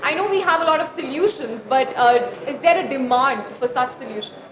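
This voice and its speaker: A woman's voice: high voice, lively intonation, fairly quick, noisy background. A woman with an Indian English accent interviewing guests at a conference, polite and upbeat. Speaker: event host interviewer. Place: busy conference hall. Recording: echoey hall with crowd chatter.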